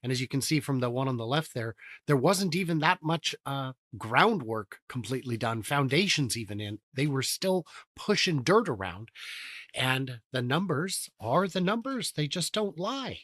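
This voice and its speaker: A man's voice: mid-range voice, sing-song, moderate pace, fairly bright tone, dry recording. A man hosting a casual chat, joking and self-deprecating. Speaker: host.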